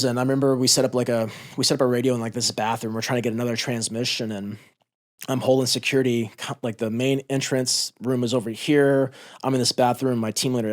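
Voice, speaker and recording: A man in his thirties, a former Marine, telling a combat story in a candid, profane, intense way on a podcast. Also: medium pitch. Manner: intense, profane, re-enacts shouts. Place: podcast studio.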